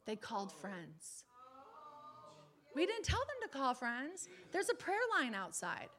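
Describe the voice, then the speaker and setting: A woman preacher telling a testimony in a sermon, animated, acting out the people she quotes. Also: high-pitched, slow pace.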